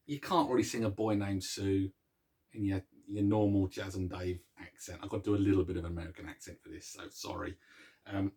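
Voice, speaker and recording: A man's voice: low-pitched, darkish tone, husky. A man hosting a casual music show, chatting to viewers in a rambling, self-mocking way, with plenty of restarts. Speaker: host of a music series.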